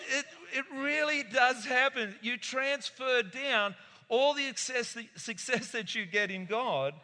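A man delivers an animated sermon, slipping into voices for little acted-out chats. His tone is bright and forceful, pitched a touch high. The sound rings with the long reverb of a hall. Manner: animated, acts out voices, laughs often. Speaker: pastor. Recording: echoey hall.

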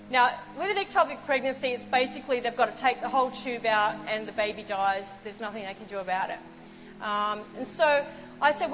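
Woman pastor preaching, high voice, big echoey hall, soft music under it, gets really animated. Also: fairly quick. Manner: animated, acts out quotes, exclaims. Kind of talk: sermon with storytelling.

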